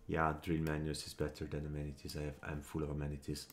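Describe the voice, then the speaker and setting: Man, extremely low voice, casual gameplay commentary, thinks aloud, counts quietly, gets annoyed. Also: monotone. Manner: thinks aloud, counts under his breath, quick flashes of annoyance. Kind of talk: casual strategy game commentary.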